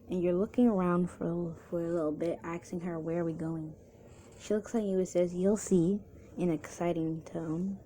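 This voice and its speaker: A woman's voice: lowish voice, dark tone, a little hiss or hum. A woman narrating a second-person fan story casually, with restarts and chatty asides.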